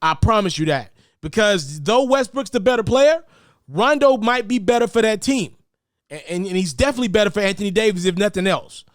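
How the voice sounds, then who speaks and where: A man giving casual, animated basketball commentary, often repeating words and jumping up in pitch for emphasis. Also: brisk, dry recording, clean studio sound.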